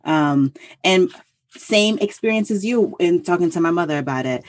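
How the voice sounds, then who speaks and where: A woman hosting a podcast in casual conversation, telling stories in a relaxed way and trailing off into fillers. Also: lowish voice, moderate pace. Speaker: podcast host.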